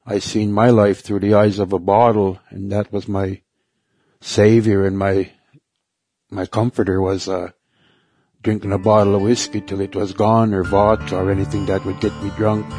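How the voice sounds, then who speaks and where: Halting low-voiced man giving testimony. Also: flat delivery, husky, no room sound. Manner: halting, repeats words, soft trailing phrases. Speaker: testimony speaker. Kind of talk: personal faith testimony. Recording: soft guitar music behind.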